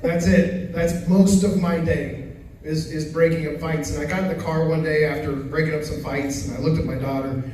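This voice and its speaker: A man's voice: on the high side, fairly even intonation, moderate pace, a little mellow, slight background noise. A middle-aged man doing a stand-up set at an open mic, telling stories in a conversational way and acting out the dialogue. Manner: conversational storytelling, acts out dialogue. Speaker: stand-up comedian. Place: comedy venue stage. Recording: echoey venue from far off.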